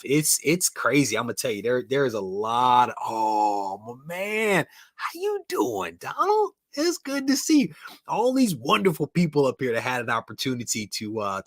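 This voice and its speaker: A man's voice: medium pitch, a bit bright, no room sound, studio quality. A man hosting a comic collecting live stream, chatting casually, greeting viewers by name and laughing often.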